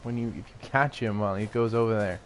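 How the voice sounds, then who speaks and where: In a lowish voice and at a fast clip, the gaming YouTuber offers rambling, casual commentary on his game, often laughing and sometimes swearing. Slight background noise is audible.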